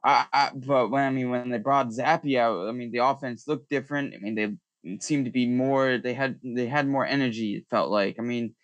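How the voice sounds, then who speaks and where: A man co-hosting a sports podcast, talking in a measured way and thinking aloud with many fillers. His voice sits at a middle pitch with a dry, close sound. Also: steady tone, no echo, muffled recording. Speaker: podcast co-host. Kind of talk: casual sports talk.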